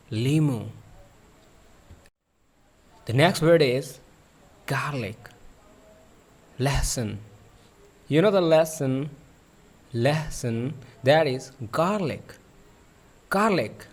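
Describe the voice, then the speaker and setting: Slow, drilling male English teacher. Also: fairly high pitch, expressive. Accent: South Asian English. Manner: repeats each word several times with translations. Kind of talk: vocabulary lesson for kids.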